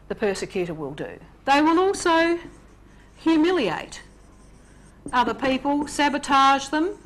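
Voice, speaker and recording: A woman presenting a relationships workshop in an animated way, acting out examples in character voices. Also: sits high, unhurried. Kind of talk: lecture on relationships.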